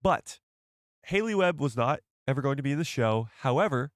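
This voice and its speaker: Male host, casual live-stream chatter, mid-pitched voice, close dry mic. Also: animated, normal speed, no echo. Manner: chatty, laughs often, addresses chat.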